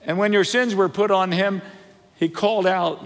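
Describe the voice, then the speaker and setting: Older pastor preaching in a reverberant hall. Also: male voice, sits high, normal speed. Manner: lively storytelling with humor and questions to the congregation. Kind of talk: sermon. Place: church sanctuary. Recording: long reverb of a large hall.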